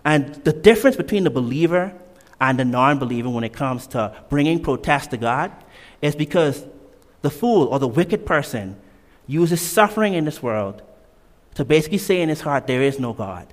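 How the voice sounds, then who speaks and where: A man preaches with emphatic energy, repeating his key points and slipping into casual asides. His voice sits a little high and rises and falls a lot. It rings out with the long reverb of a large hall. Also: animated, moderate pace. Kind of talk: sermon.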